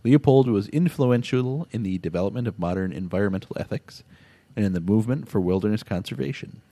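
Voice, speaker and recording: A man's voice: lowish voice, animated, fairly quick, mellow. A man hosting a casual podcast, laughing often and telling stories with animation. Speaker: podcast host. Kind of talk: casual chat.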